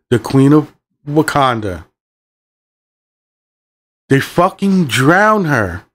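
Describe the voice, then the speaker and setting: Man ranting angrily about a movie. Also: medium pitch. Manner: heated, rambling, frequent swearing. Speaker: movie review channel host. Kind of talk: profane ranting movie review.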